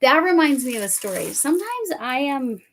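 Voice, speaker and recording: A woman's voice: high voice, very animated, fairly quick, a bit bright. A woman hosting a casual live stream, chatting and rambling with many fillers.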